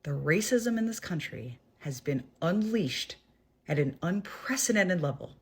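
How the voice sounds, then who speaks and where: A woman in a news clip speaking gravely and emphatically. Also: fairly low pitch, expressive, unhurried, a little mellow.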